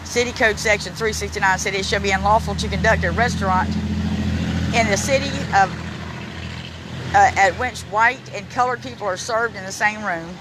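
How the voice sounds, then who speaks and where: A vlogger on a casual walking tour reads park signs aloud in a halting way, stumbling and restarting, while emotional and near tears. He films outdoors in a city park on a handheld phone. His voice sits high with a steady tone, and there's heavy background noise.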